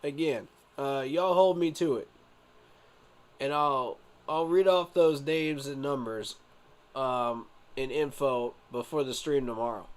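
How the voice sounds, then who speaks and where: A man's voice: medium pitch, slow pace. A man live-streaming his reaction to a sports event, emphatic and exasperated, talking straight to his viewers with rhetorical questions. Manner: emphatic, addresses viewers directly as y'all.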